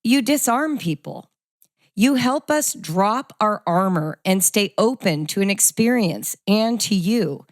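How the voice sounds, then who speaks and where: A middle-aged woman hosting a podcast, telling a family story and leading into questions in an animated, conversational way. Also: mid-range voice, takes it slowly, no echo, studio quality. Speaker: podcast host. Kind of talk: conversational interview.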